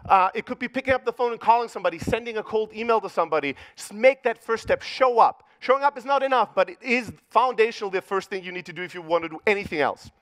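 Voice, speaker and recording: A middle-aged Greek man tells stories to a conference crowd with a Greek accent and plenty of swearing. His voice sits high. The sound is dry and close, with no room echo. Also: fast talker, hardly any pauses, a bit bright. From Greece. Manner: profane, punchy storyteller acting out dialogue. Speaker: conference speaker. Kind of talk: motivational keynote storytelling. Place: conference stage.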